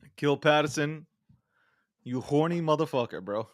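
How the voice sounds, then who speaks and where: Fast-swearing, joking male podcast host. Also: fairly high pitch, no room sound. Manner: animated, profane, laughing storyteller. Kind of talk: casual podcast banter.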